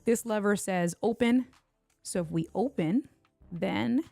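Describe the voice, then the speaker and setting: A woman's voice: medium pitch, unhurried, creaky, warm tone, soft background music. A woman from Puerto Rico hosting a casual livestream unboxing at home, chatting and bantering with viewers in the chat. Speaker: tech livestream host.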